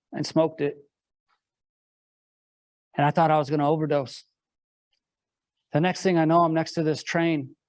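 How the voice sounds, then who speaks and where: A male motivational speaker earnestly tells his own story to a live audience, building it up with repeated rhetorical questions. His voice is a little high with a darkish tone, and the recording is dry.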